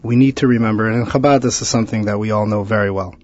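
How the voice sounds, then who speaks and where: A man, a rabbi guest on a radio show, giving earnest advice and telling stories with animated retellings. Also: on the low side, very fast, highs cut off. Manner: animated storyteller, preachy exhortations.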